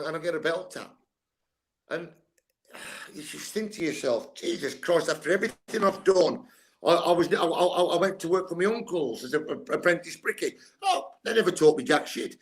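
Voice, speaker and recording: A man's voice: on the high side, a bit bright. An older man, a guest sports coach telling blunt, candid stories and swearing freely. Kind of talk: candid storytelling chat.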